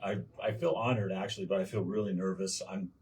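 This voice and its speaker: A man's voice: deep voice, steady tone, quick pace, darkish tone, a little hiss or hum. Nervous man telling a rehearsed joke.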